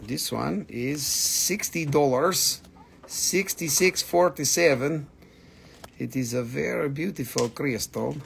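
Goofy high-pitched gravelly guy. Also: slow, slight background noise. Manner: joking, goofy, swears often. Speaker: host selling minerals on a livestream. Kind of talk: live sales stream, playful chat.

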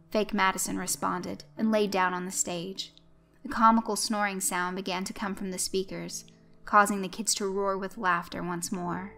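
A woman reads a story aloud as narrator, steady and even. Her voice is bright and forward, and soft music plays faintly under her. It sounds like scripted storybook narration. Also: medium pitch, moderate pace, gravelly.

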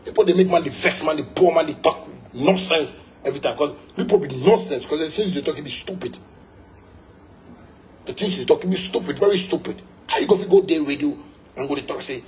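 A man's voice: on the high side, a little fast. Ranting man with a Ghanaian Pidgin accent. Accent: Ghanaian English with Pidgin. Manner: heated, repetitive, insulting, loud bursts. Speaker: musician ranting. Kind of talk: angry rant.

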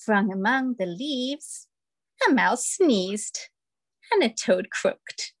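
Expressive woman reading picture books. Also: fairly high pitch, slow pace. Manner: animated, expressive reading with animal sounds. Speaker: storyteller host. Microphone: video call.

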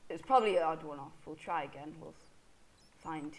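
A woman talks through her survival game with hiccups she can't shake. Her voice sits a little low, and she chatters on, mocking herself and chatting to the animals she meets. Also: brisk, rough recording. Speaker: Minecraft let's player. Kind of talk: casual gameplay commentary.

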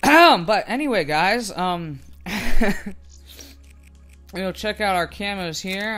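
A gaming video host doing gameplay commentary, swearing constantly and raging at opponents between calmer rambling stretches. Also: mid-range voice.

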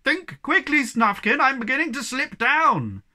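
Storybook Hemulin: a fussy, panicky creature, voiced high and shrill by a male reader, bright and lively. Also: unhurried, heavily acted. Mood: pleading. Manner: high shrill cries of alarm.

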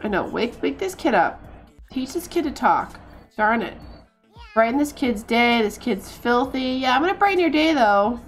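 A woman streamer talks over her game with a high voice that swings widely in pitch. She is excitable and quick to laugh or groan in exasperation, and faint music plays behind her. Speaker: gaming streamer. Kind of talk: casual gameplay commentary.

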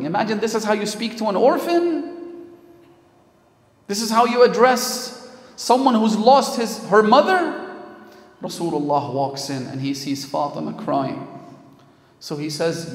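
A man preaching a sermon with a fairly high voice, telling the story with passion and pushing hard on the key lines. The sound rings in a large, reverberant hall. The echo hangs in the air long after each phrase. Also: sing-song, measured pace. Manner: impassioned storytelling, rising to emphatic peaks. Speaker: religious lecturer.

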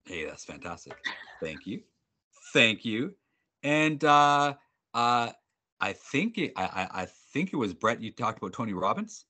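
A male trainer speaks over a video call with a bright, forceful tone that cuts through. His delivery is upbeat and animated, and he jokes with his audience. He restarts his sentences often. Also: medium pitch, unhurried. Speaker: sales trainer presenting a webinar. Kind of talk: energetic workshop presenting.

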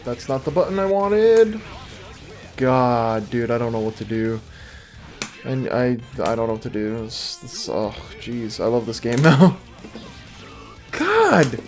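A man's voice: medium pitch, expressive, measured pace, a little mellow. A man giving live commentary over his own fighting game matches, exclaiming and muttering to himself. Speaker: gameplay video creator. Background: faint game music.

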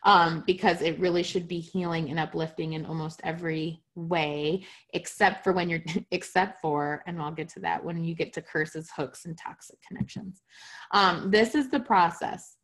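A woman's voice: fairly low pitch, steady tone, moderate pace, a bit bright. Chatty woman teaching over a video call. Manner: casual, chatty, often checks in with listeners; light self-mocking humor. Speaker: spiritual teacher. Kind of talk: online class.

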